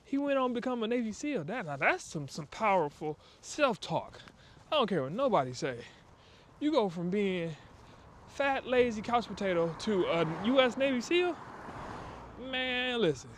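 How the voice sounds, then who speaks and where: A man's voice: high voice, sing-song, moderate pace. A man giving a casual motivational talk on a walk, emphatic and preachy, with slang and acted-out asides. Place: outdoors on a walk.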